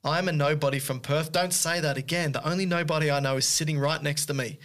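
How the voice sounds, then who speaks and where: A man co-hosting a casual podcast, teasing his co-host and reading listener emails aloud with quick asides. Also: on the high side, steady tone, a bit bright.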